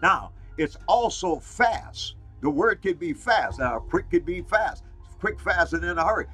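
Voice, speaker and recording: Fired-up husky preacher man. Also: high voice, sing-song, a little slow, pushed and bright, faint music behind, low-quality recording. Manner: exclaims "Glory to God" and "Hallelujah" often; fired up, repeats phrases for emphasis. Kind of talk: fiery Pentecostal sermon.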